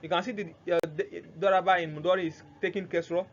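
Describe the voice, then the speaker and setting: A man's voice: high voice, steady tone, fast talker. A man teaching Arabic grammar in a classroom-style lesson, who keeps asking "what?" and answers himself, repeating the key terms. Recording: muffled lo-fi sound, faint noise.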